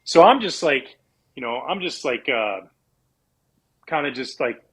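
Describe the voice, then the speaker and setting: A man from Canada, a former professional pitcher, telling animated, rambling stories as a guest in a casual interview. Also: a little slow, slightly rough, poor audio. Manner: animated, rambling with restarts and laughs.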